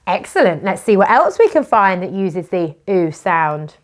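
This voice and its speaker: A British woman teaching children phonics, with a slow, sing-song and encouraging manner. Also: mid-range voice, big pitch swings.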